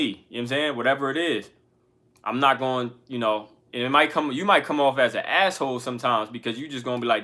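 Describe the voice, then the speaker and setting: Candid, slangy man with a bright voice. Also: medium pitch, fast talker. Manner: candid, slangy and profane, addresses viewers as bro. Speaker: music artist and channel host. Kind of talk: casual motivational talk to camera.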